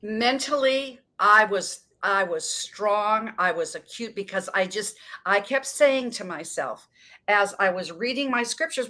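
A woman in her sixties from Montana, telling her story as a guest in an earnest, emphatic way with dramatic pauses. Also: mid-range voice, lively intonation, sharp tone. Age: 60s. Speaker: guest, motivational speaker. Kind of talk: casual interview storytelling.

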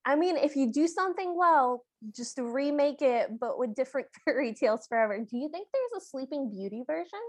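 A woman's voice: sits high, expressive, brisk, few pauses, no room sound. A woman co-hosting a podcast, chatting casually and playfully, often laughing as she retells a cartoon. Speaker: podcast co-host. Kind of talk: casual chat.

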